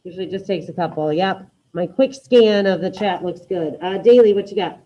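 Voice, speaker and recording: A woman leads an online Spanish lesson with a mellow, warm tone. She encourages her students and calls on them one by one. Her voice comes through slightly muffled video-call audio. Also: on the low side, moderate pace, slight background noise. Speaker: Spanish teacher. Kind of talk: online class teaching.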